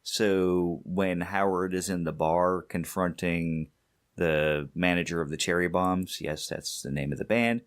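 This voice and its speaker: Casting: low-voiced man, relaxed podcast co-host, chatty and laughing. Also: unhurried. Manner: laughs often, chatty movie riffing. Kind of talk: casual chat.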